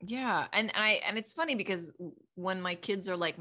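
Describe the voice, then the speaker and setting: A woman's voice: medium pitch, big pitch swings, moderate pace, few pauses, fairly bright tone. A middle-aged woman hosting a podcast in casual chat, rambling along in a stream of thought and laughing often. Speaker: podcast host.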